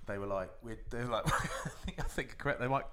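A man co-hosting a podcast, telling a story in an animated way with frequent laughter. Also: medium pitch, quick pace. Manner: animated, laughing as he tells stories. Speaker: podcast co-host. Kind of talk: casual storytelling chat.

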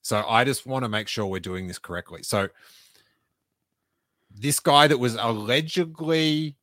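Give me a man who jokes and cuts in, with a crisp, dry close-miked sound. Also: mid-range voice, unhurried, a bit bright, no room sound. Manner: jokey, interrupting, bursts into silly voices. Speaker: podcast co-host. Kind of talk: casual chat.

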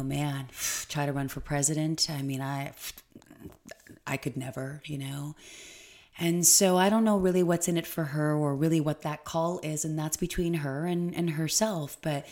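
A woman's voice: low voice, darkish tone. A woman hosting a solo spiritual podcast, talking in a rambling, stream-of-consciousness way with emphatic moments. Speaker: podcast host.

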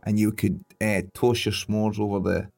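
A man's voice: fairly low pitch, little pitch movement, moderate pace, vocal fry, a little mellow. A man in his thirties, co-hosting a podcast and telling jokey stories in casual chat over faint music. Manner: jokey storytelling, laughs at own puns. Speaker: podcast co-host.

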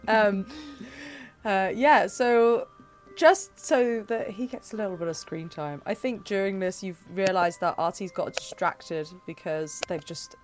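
A woman's voice: mid-range voice, takes it slowly, a little mellow, soft background music. Chatty woman game master. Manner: chatty, self-correcting narration with fillers. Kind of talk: narrating a tabletop game.

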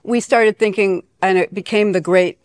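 A woman's voice: medium pitch, steady tone, normal speed, no room sound, studio quality. A middle-aged woman from Connecticut, guest in an interview, telling her story with many fillers and restarts. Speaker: foundation leader, guest. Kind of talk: conversational interview. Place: venue hall.

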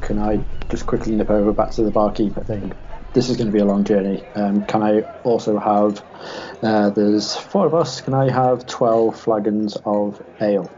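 A low, mellow male voice playing a tabletop game, chatty and prone to rambling. His voice sounds dull and lo-fi over a faint hiss. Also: flat delivery, moderate pace. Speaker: player. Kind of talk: casual tabletop game play. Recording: dull lo-fi recording with faint noise.

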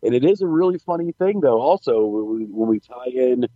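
A man's voice: medium pitch, expressive, fairly quick, no echo. A man co-hosting a wrestling podcast, speaking in a casual, sarcastic way and acting out imagined back-and-forth dialogue. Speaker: podcast co-host. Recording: dull, dry lo-fi mic.

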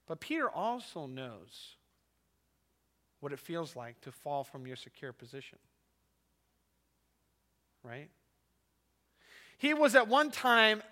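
A man's voice: high voice, pushed and bright, big-room sound. A male pastor preaching a sermon in an emphatic way, often ending his points with a rhetorical "right?".

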